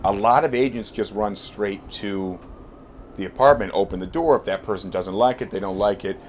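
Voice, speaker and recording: A man with a low, steady voice explains at length how his agency works. He speaks in a relaxed, plain-spoken way to his team. Faint background noise runs under the recording. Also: normal speed. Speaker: real estate agency head hosting a team chat. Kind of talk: casual group chat, then workplace talk.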